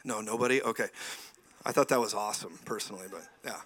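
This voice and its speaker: A man in his forties preaching a lively sermon in a church, telling stories with laughing asides and frequent bursts of praise. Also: fairly low pitch, quick pace. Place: church sanctuary.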